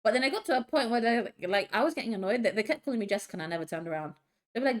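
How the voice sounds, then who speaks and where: A woman co-hosting a podcast, chatting casually and laughing often, with quick asides. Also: a little high, lively intonation. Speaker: podcast co-host. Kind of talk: casual chat.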